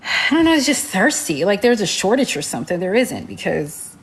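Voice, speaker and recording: A woman's voice: mid-range voice, very animated, a little fast, a little hiss or hum, low-quality recording. A woman with a mid-range voice is a guest in a casual live interview. She answers bluntly and matter-of-factly, often in just a word or two. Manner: terse, matter-of-fact answers.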